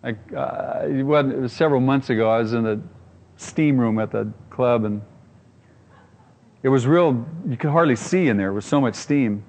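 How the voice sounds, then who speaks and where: A man's voice: medium pitch, moderate pace, a little mellow, long reverb tail. A man preaching a sermon as pastor, earnest and emphatic, often repeating his phrases.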